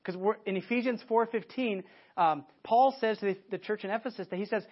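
A man preaching a conversational sermon to a church audience, lively and often restarting his sentences. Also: sits high, fairly quick. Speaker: pastor. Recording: dull lo-fi sermon recording.

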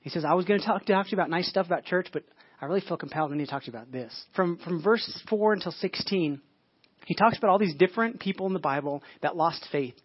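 A man preaches a sermon in a loose, conversational way, stumbling over restarts and tossing in casual asides. His voice sits a little high for a man and moves along at a fast clip. The recording is dry and slightly muffled. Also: husky, dry recording. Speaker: pastor.

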